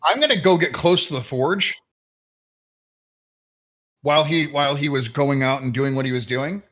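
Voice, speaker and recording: A man playing a tabletop game, describing his character's actions in an animated, rambling way. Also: fairly high pitch, moderate pace. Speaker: player. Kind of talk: tabletop game role-play.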